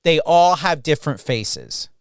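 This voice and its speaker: A man's voice: fairly high pitch, expressive, measured pace, clean tone, no echo, clean studio sound. A man hosting an interview, reflecting and affirming his guest. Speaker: host. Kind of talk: interview conversation.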